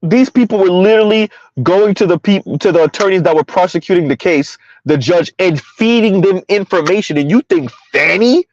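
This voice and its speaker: This fairly high-voiced man does casual livestream commentary at a fairly quick clip with hardly any pauses, reading out chat and peppering it with rhetorical questions and repeated "Right?" His darkish voice swings up in pitch when he's incredulous. The sound is dry, slightly dull and lo-fi.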